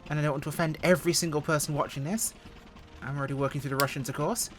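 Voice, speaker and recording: A woman's voice: sits low, fairly even intonation, racing, slight background noise. A woman at home giving casual, joking, self-mocking commentary as she reviews a flight sim.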